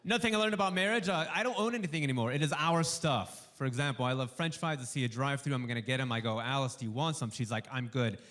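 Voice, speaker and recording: A male stand-up comedian doing a warm-up set for a studio audience, delivering punchy jokes and acting out bits of dialogue. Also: medium pitch, fast, hardly any pauses. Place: live comedy show before a studio audience.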